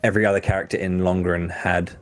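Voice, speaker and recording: A man's voice: low voice, little pitch movement, fast talker, faint music behind. A man hosting a gameplay stream, chatting casually and rambling through thoughts with fillers and restarts. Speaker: host.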